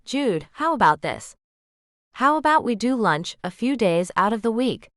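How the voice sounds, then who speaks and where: A woman narrating a romance audiobook in the first person, with an expressive reading. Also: on the high side, measured pace, no echo, studio quality.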